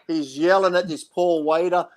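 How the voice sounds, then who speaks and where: A man's voice: on the high side, fairly even intonation, moderate pace, no echo. A man co-hosting a podcast, telling anecdotes and laughing as he goes. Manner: anecdotal, laughing as he tells tales. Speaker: co-host. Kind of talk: casual podcast chat.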